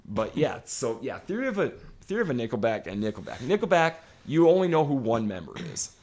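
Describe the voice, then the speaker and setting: A man rants on a casual podcast, swearing at nearly every turn as he hammers his points home. His pitch swings widely while staying mid-range overall. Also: big pitch swings, fairly quick, darkish tone. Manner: emphatic, swears constantly. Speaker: podcast co-host. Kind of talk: profane casual podcast rant.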